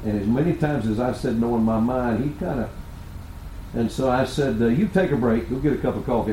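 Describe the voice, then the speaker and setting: Older male pastor, sermon delivery, folksy storyteller, slightly raised pitch, dynamic between loud emphasis and quiet asides. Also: slightly rough, low-quality recording.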